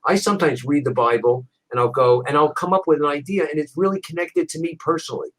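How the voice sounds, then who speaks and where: A man, a rabbi, teaching a Bible passage in conversation, animated, repeating words as he restarts. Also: fairly high pitch, fast, low-quality recording. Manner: animated storyteller with frequent restarts.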